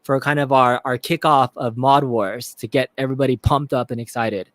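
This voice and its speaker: A man co-hosting a casual livestream at a middle pitch, joking between impressions. The sound is dry and close, with no room around it. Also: steady tone, moderate pace, fairly bright tone, no echo. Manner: joking, breaks into impressions and laughter. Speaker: co-host.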